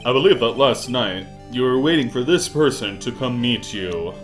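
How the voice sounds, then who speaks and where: A man voicing a cold, composed male prosecutor who speaks in a measured, condescending way. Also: medium pitch, expressive, soft background music, lightly acted. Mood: accusing.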